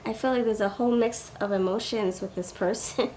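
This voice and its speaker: A woman's voice: a little high, fairly even intonation, a little fast, few pauses, a little mellow, a little hiss or hum. A woman giving a casual tarot reading, who keeps breaking into laughs, coughs and sniffles as she talks. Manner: giggly, coughing and laughing between sentences. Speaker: tarot reader.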